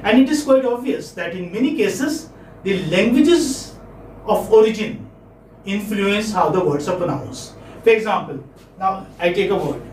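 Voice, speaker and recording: A man's voice: high voice, animated, unhurried, a little mellow, slight background noise. A man giving a classroom lecture, often repeating key phrases and checking in with "okay?". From India. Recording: echoey classroom from far off.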